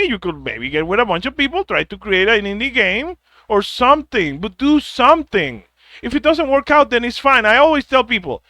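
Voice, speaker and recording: Blunt and profane, a vlogger rants out harsh life advice in a monologue, stumbling on repeated words and mimicking others in whiny mock voices. His voice is high, bright and forceful, recorded dry.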